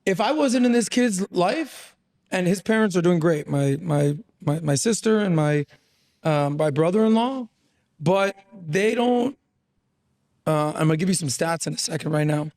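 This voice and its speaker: Podcast guest: a blunt, animated man with a high-pitched voice, casual and profane. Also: moderate pace. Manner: animated, blunt, swears freely, lots of fillers.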